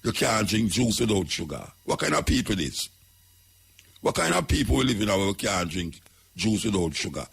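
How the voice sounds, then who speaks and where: Gravelly Jamaican man preaching on radio. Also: fairly low pitch, sing-song, moderate pace, a bit bright. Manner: preaching, repetitive, emphatic. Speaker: radio host. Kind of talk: talk radio commentary.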